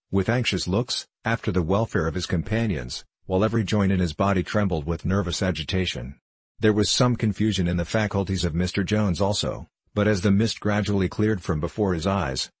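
A male narrator reading a classic novel aloud in a measured, even way. His voice is low and husky, and the recording is dry and close with no room sound. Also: no room sound. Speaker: audiobook narrator.

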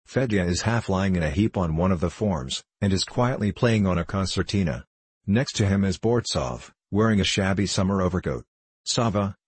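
A man reading a play aloud, delivering stage directions in a measured, even way. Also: sits low, breathy edge, no echo. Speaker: narrator.

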